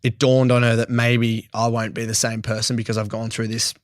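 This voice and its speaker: A man's voice: mid-range voice, little pitch movement, a little fast, no room sound. A young Australian man in his twenties speaks as a podcast guest, blunt and raw, swearing freely. His voice sits in an ordinary middle register. The sound is dry and close, with no room around it. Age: 20s. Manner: blunt and emotional, swears freely, laughs often. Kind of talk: candid podcast interview.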